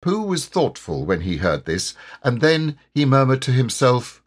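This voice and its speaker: A man narrating a children's storybook. His voice is husky and mid-pitched, and it rises and falls with lively expression. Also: measured pace, few pauses. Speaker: audiobook reader.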